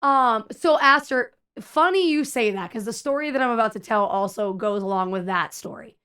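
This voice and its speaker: A young adult woman streamer telling a story in casual chat, animated and exasperated, acting out the people she quotes. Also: on the high side, moderate pace, clean tone.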